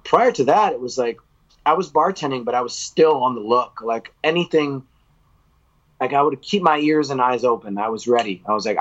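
A man's voice: medium pitch, brisk, fairly bright tone. A man from the United States, a guest on a podcast, telling a long story candidly, swearing freely and acting out quoted lines. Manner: acts out quoted speech. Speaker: podcast guest, metal vocalist. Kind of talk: casual storytelling interview. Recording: dull lo-fi audio.

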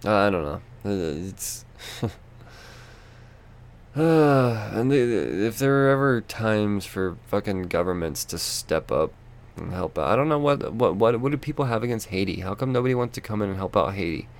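A man hosting a solo podcast, ranting in a frustrated, profane way with lots of halting restarts. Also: on the low side, animated. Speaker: podcast host.

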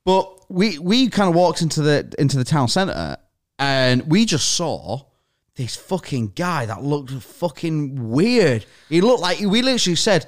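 A man, co-hosting a podcast, telling an animated story in casual chat and acting out the quotes. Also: a little high, a little slow. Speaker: podcast co-host.

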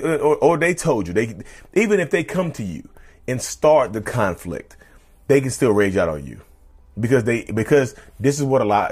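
A man's voice: lowish voice, a little mellow. A man hosting a casual podcast monologue, talking emphatically and repetitively and addressing listeners as y'all. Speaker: podcast host.

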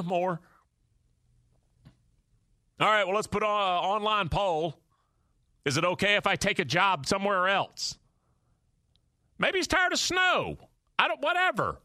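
A man's voice: high voice, sharp tone, no room sound, studio quality. A man hosting a sports talk show, ranting emphatically and repeating his points. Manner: emphatic, preachy repetition. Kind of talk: animated opinion rant.

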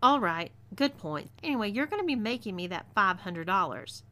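A woman's voice: mid-range voice, sing-song, moderate pace, sharp tone. Texan woman playing Zelia, a fiery female outlaw. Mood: bossy. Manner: bossy, threatening drawl.

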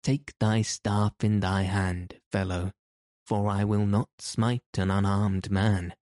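A man reads the part of a big, blustering outlaw forester who boasts and threatens in archaic speech. The voice is low, flat and slow, with a mellow, dry close sound. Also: dry recording. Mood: angry.

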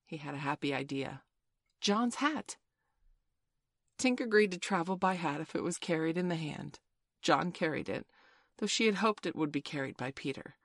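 A woman reads a classic storybook aloud in a measured, expressive way. Her voice is low, and the sound is close and dry with no room echo. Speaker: audiobook narrator. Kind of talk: scripted storybook narration.

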